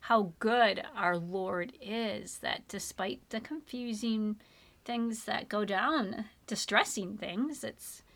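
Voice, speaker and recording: A middle-aged mother co-hosting a faith podcast, talking in an earnest, emotional way and slowing down for emphasis. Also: medium pitch, a bit bright.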